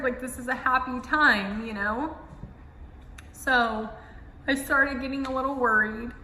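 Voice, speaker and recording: Speaking straight to camera, a young woman vlogger shares her own story in a casual, emotional way, peppering it with "like." Her voice is bright, sharp, and on the high side. The room has strong echo with a long reverb tail, plus slight background noise.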